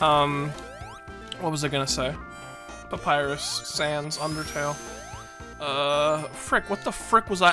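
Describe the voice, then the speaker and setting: Her voice sits low and sounds sharp as she streams a video game over its music, chatting in a rambling way, joking at her own expense, and laughing a lot.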